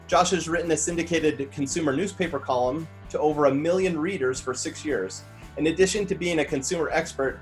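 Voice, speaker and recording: Man reading an introduction over soft guitar. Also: a little high. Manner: steady, read-out introduction. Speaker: podcast host. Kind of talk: scripted guest introduction.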